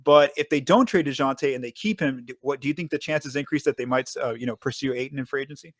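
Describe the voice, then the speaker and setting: A man hosting a sports podcast, talking fast and casually with many fillers and restarts. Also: medium pitch, dry recording, studio quality. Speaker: podcast host.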